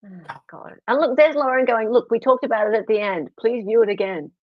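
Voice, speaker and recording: A woman's voice: on the high side, a little fast, muffled recording. A woman from Australia hosting a casual live-stream chat, reading comments aloud and teasing with frequent laughs. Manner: chatty, teasing, laughs often. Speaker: stream host.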